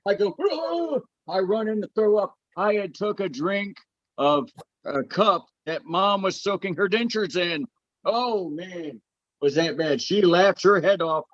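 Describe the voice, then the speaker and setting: Animated storyteller man, dull lo-fi sound. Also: high voice, unhurried. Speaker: podcast co-host. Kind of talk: casual family storytelling chat.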